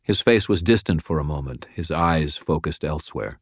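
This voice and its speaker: A man with a very low voice narrates a first-person audiobook. His delivery is steady and understated. The recording is dry and close, with no room sound. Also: moderate pace, dry recording.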